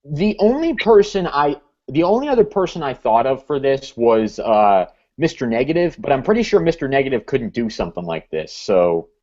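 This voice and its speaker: A man's voice: mid-range voice, very animated, normal speed, darkish tone, muffled recording. A man co-hosting a casual comic book chat, hesitant, with frequent fillers and restarts. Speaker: co-host.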